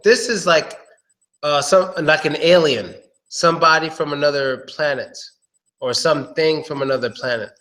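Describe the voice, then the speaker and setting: A man giving a casual pronunciation lesson, drilling words slowly and chatting between examples. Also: a little high, fairly bright tone. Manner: slow, drawn-out drilling of words, chatty asides. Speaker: pronunciation teacher.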